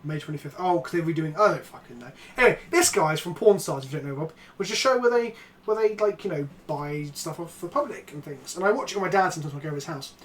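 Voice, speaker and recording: A man's voice: fairly high pitch, quick pace. A young man streaming a card game, chatting casually and swearing a lot. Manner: sweary, excitable, breaks into shouting and laughter.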